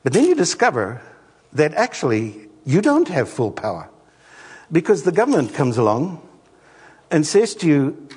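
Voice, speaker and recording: A middle-aged man preaching a sermon as a pastor, an animated storyteller who acts out the voices in his stories. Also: a little high, normal speed, pauses often, slightly rough, in a large hall.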